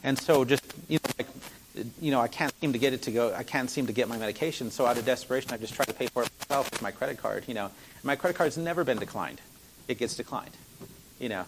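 A man's voice: medium pitch, fast talker, noisy background. A man telling a personal faith testimony in an earnest, rambling way, full of fillers and restarts.

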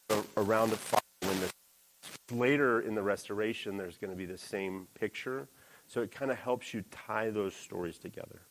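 A man preaching a sermon in a lively, animated way, jumping into character voices for quoted lines. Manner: animated, acts out quoted lines with big pitch jumps.

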